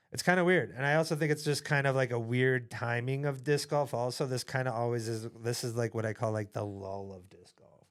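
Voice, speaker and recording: A man's voice: medium pitch, gravelly. A young man co-hosting a podcast, talking casually in a rambling, filler-heavy, teasing way. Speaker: podcast co-host.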